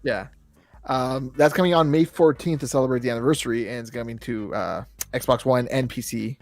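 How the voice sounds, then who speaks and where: A man's voice: mid-range voice, brisk, no room sound, faint music behind. A man co-hosting a casual video game podcast, rambling and joking, swearing now and then. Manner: rambling, jokey, swears, does silly voices. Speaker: podcast co-host. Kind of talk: casual chat about video games.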